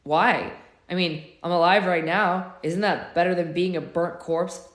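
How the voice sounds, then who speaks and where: A hoarse woman voicing a wary young man revived in a hospital bed, asking questions in a plain read-aloud. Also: lowish voice, fairly even intonation, a little slow, close to an everyday voice. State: hoarse, losing her voice. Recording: roomy echo.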